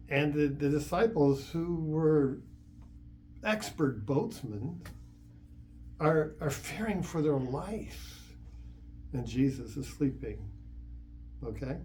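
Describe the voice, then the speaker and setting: Parish priest, man, mid-pitched and unhurried, chatty homily full of restarts. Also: warm tone, a little hiss or hum. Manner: conversational, with frequent repeats and chuckles. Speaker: Catholic priest. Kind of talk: informal homily.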